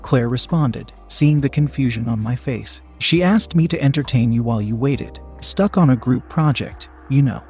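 A man steadily reading a first-person erotic story aloud in an even narration style. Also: medium pitch, moderate pace, hardly any pauses, soft background music.

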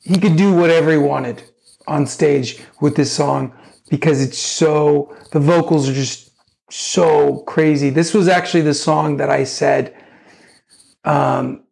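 A man co-hosting a podcast, talking casually and haltingly, repeating words and swearing. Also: on the high side, fairly even intonation, darkish tone. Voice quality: gravelly. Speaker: podcast co-host. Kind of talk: casual chat about an album.

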